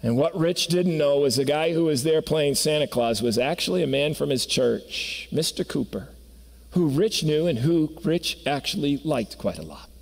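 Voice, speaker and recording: A man's voice: a little high, animated, normal speed, gravelly. A man preaching a sermon in a church sanctuary, telling stories earnestly and building to emphatic peaks. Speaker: pastor. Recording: long reverb of a church hall.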